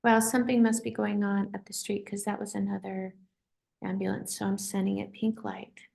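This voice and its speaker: A woman's voice: mid-range voice, flat delivery, normal speed, creaky, mellow. A middle-aged woman hosting a casual livestream as a psychic medium, rambling and affectionate as she reads out and answers viewer comments.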